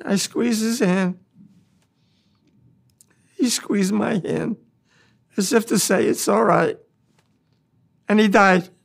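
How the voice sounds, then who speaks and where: High, gravelly old man telling war memories. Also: steady tone. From United States. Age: 90s. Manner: plain, halting, repeats key phrases. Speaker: war veteran recounting memories. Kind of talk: personal testimony storytelling.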